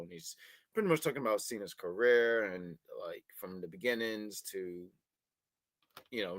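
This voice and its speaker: A man hosting a casual wrestling review podcast, talking in an animated, rambling way with frequent restarts. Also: fairly low pitch, no room sound. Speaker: podcast host.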